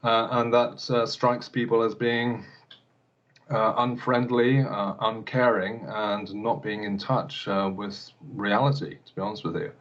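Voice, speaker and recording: A man's voice: lowish voice, fairly even intonation, unhurried, fairly bright tone, dull audio. A man, an elocution teacher, answering interview questions hesitantly, with many fillers and repeated words.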